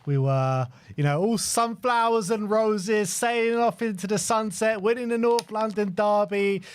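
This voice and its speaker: A male interviewer for a fan channel keeps the chat casual, animated and teasing. His voice is high for a man. The sound is close and dry. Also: clear, resonant tone, no room sound. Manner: animated, teasing, quick questions. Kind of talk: casual post-match interview.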